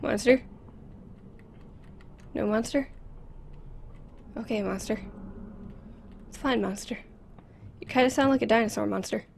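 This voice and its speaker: Brief: woman, horror game let's play, jittery, repeats words, a bit high-pitched, close mic, faint room hum. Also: a little slow, vocal fry, long pauses, a little mellow. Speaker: gameplay commentator. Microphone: close desk microphone.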